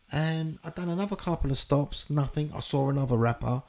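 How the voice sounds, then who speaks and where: A man's voice: a little high, lively intonation, a little fast, vocal fry, few pauses, mellow. A middle-aged man, a podcast guest telling a vivid, swear-filled story and acting out the voices in it. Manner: vivid, profane storyteller who acts out quotes.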